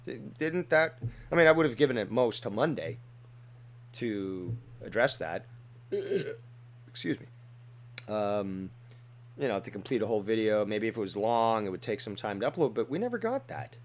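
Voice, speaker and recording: A man's voice: on the low side, sing-song, normal speed. A man hosting a reaction commentary show, talking in a blunt, profane, mocking way. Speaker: commentary host.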